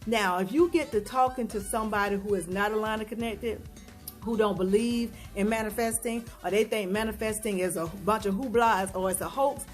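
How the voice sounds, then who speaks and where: A woman coaches her listeners in an emphatic, preachy way and keeps asking questions that she then answers herself. Her voice sits fairly high, and soft music plays underneath. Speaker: vlogger giving advice. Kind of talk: motivational talk to camera.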